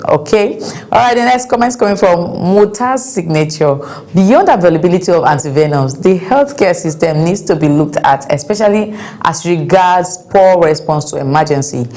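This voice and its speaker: A woman talks through the day's stories with emphatic exasperation. Her voice sits low and mellow, and she circles back to hammer the same point. Her delivery is casual and conversational. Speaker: news commentary host. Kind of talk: casual commentary on news and viewer comments.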